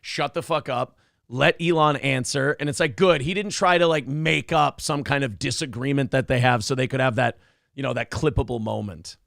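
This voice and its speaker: Gravelly, profane man hosting a show. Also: mid-range voice, normal speed, no echo, studio quality. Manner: profane, animated, jokey. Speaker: host. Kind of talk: casual podcast chat.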